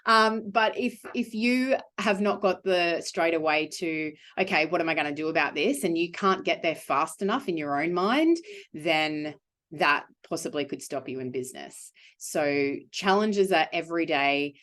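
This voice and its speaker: Woman, low voice, business owner guest, blunt and upbeat. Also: expressive, measured pace, fairly bright tone. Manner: frank, emphatic and upbeat. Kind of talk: candid interview answers.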